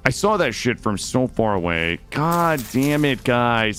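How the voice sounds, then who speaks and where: A man streaming a game live, talking to his chat in a loose, joking, foul-mouthed ramble. His pitch swings up and down constantly with playful energy, recorded close on a studio microphone. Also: sing-song, a little slow, a bit bright, faint music behind. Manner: jokey, profane, chatty, talking to chat. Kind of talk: casual live gameplay commentary. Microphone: studio dynamic mic.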